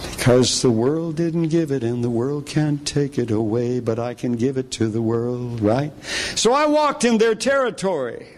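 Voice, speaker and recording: A middle-aged man preaching a sermon, telling a personal story with animated delivery and acting out the people he quotes. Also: mid-range voice.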